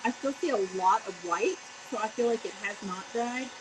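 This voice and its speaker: A woman hosting a live craft stream, chatty and excitable, talking straight to her viewers. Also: on the high side, a little fast, background noise. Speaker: DIY craft host.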